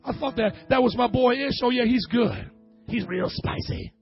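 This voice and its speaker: A male preacher voicing God the Father as relaxed and fond, in a low, easygoing drawl. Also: moderate pace, highs cut off, soft background music.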